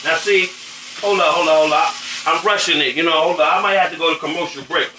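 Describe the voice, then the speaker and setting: A man's voice: a little high, quick pace, roomy sound, background noise. A man hosting a casual cooking show, chatting in slang while he cooks and often asking if you know what he's saying. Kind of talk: casual cooking demo chat. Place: home kitchen with food frying.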